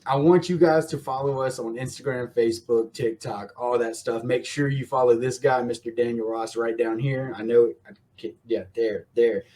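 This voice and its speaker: A man's voice: mid-range voice, steady tone, moderate pace, mellow. A man hosting a podcast, chatting in a friendly, rambling way. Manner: friendly, rambling, laughs often. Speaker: podcast host. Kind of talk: casual podcast chat.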